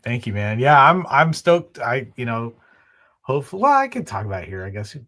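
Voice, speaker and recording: A man's voice: medium pitch, sing-song, fairly quick, pushed and bright. A man who is a comic book artist, a podcast guest talking in a laid-back, hesitant way full of fillers. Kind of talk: casual chat.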